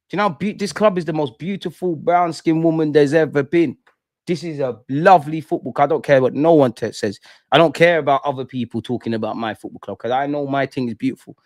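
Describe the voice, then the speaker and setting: A man's voice: fairly high pitch, quick pace, a little mellow, no room sound, studio quality. A young man hosting a live fan show, ranting with passion, repeating himself and using slang. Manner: impassioned, repetitive, slangy ranting. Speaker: fan channel host. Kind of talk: emotional fan rant to live stream.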